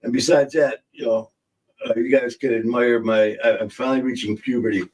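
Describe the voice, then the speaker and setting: A man's mid-range, darkish voice comes across steady and a little fast, far from the streaming setup mic. As a podcast host doing casual live-stream chat, he tells rambling anecdotal stories and laughs at his own jokes.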